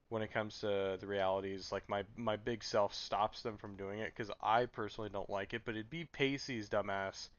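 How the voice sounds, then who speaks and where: Sleepy low-voiced male streamer. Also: smooth, no echo. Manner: rambling, stammering restarts. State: sleep deprived. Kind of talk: casual live stream chat. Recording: dull lo-fi mic.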